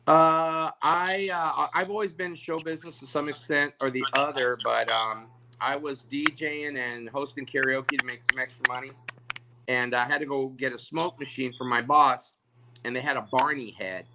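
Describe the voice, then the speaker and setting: Guest spot: lively storyteller man, mid-pitch, noisy call audio. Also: normal speed. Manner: animated, acts out quoted voices, stammers on restarts. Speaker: balloon artist guest. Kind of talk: casual storytelling on a video call.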